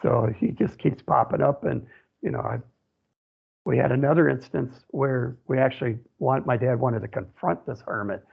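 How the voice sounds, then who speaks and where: A man from central Wisconsin tells a story as a radio guest, rambling and looping back with "you know". His voice is gravelly and husky. It comes through a thin, phone-like line. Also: medium pitch, normal speed. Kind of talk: telling a personal story in an interview.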